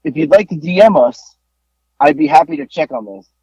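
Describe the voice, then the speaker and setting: A man co-hosting a podcast, telling a story in a casual, animated way and acting out the people he talked to on the phone. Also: sits high, brisk, vocal fry, breathy edge, no room sound. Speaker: podcast co-host. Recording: dull lo-fi dry sound.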